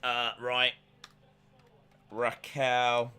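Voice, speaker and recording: A male stream host talks slowly in casual live-stream commentary and reads out chat as he goes. His voice is smooth and resonant, with a tense, forceful edge. He plays mock-stern and repeats his warnings for comic effect. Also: medium pitch.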